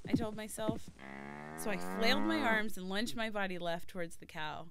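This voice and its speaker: A young woman tells a personal story in an earnest, scripted manner. Her voice sits in a middle pitch for a woman. Music plays clearly under her narration. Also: moderate pace. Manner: earnest storytelling, shouting the quoted cries. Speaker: former volunteer telling a story. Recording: narration over loud music.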